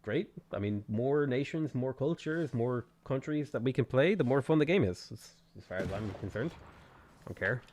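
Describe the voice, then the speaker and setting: A man's voice: medium pitch, animated, moderate pace, darkish tone. A man with an Irish accent chatting casually on a game stream, reading viewer messages aloud and answering them as he plays. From Ireland. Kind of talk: casual gaming stream chat.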